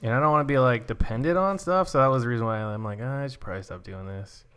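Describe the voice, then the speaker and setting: A man's voice: mid-range voice, quick pace, fairly bright tone, clear, resonant tone. A young man co-hosts a casual podcast, telling stories in a loose, rambling way. He leans on filler words and jumps between thoughts. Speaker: podcast co-host. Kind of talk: casual chat.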